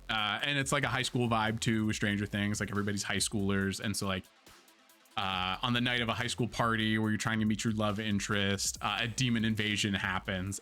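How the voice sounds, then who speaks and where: A man's voice: fairly low pitch, sharp tone. A man hosting a casual live-stream game review, chatty and candid, with lots of fillers and the odd swear word. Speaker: streamer and host.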